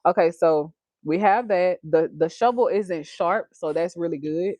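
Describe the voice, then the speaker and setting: A woman's voice: lowish voice, unhurried, darkish tone, no echo. A woman, chatting casually on a livestream, laughing often and reading viewer comments aloud. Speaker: livestream host.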